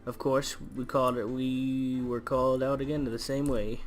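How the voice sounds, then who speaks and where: A man's voice: medium pitch, level tone, moderate pace, few pauses, soft background music. Man reading a visual novel with jokey asides. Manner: reads story text aloud, breaks off into crude jokes. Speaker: let's play gamer reading a visual novel aloud. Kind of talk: casual let's play narration with jokey asides.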